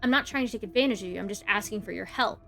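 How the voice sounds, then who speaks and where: A woman's voice: mid-range voice, racing, creaky, pushed and bright, soft background music. A woman reading aloud the part of a young woman, a hurt girlfriend who pleads and defends herself. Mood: pleading. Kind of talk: reading a visual novel aloud.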